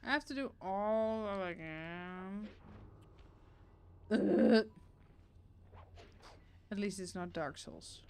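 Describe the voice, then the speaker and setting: A woman's voice: medium pitch, takes it slowly, long pauses, darkish tone, clean tone. A woman giving playful, chatty commentary while playing a game at home, swearing casually now and then. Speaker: game streamer. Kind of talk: casual let's-play commentary.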